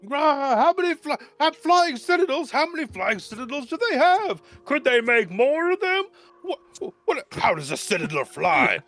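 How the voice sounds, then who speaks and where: A man voicing a panicking crowd of city council members, yelling over one another. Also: extremely high pitch, lively intonation, fairly quick, few pauses, smooth, soft background music, voice pushed up. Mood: panicked.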